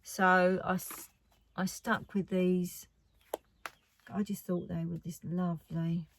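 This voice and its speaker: A woman's voice: fairly low pitch, little pitch movement, slow pace, slight background noise. A woman chatting casually about her craft haul. She rambles and often drops to a near whisper. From United Kingdom. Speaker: craft vlogger.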